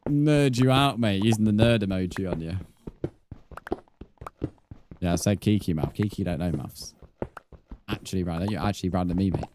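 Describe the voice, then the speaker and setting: A man's voice: low-pitched, normal speed, pauses often, background noise. A young man streaming a game, bantering and joking with his chat and laughing often. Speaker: gaming streamer. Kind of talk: live-stream chat while playing.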